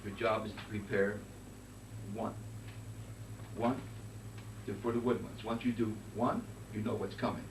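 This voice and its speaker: A man teaching a conducting master class, giving brisk coaching commands and singing phrases in nonsense syllables. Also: on the low side, steady tone. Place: rehearsal room with band. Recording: roomy distant recording with noise.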